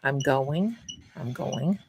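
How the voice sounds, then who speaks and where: A woman's voice: very deep voice, expressive, slow pace, gravelly, a little mellow, a little hiss or hum. A middle-aged woman hosting a live tarot stream, chatting casually and rambling to her viewers, calling them her darlings.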